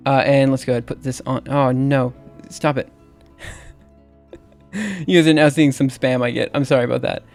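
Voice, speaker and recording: Speaking in a creaky, slightly mellow mid-range voice with little pitch movement, a Southern-accented Alabama man in his thirties chats on a livestream while typing. He hesitates often, uses plenty of fillers, and laughs at himself, with faint music and keyboard typing in the background.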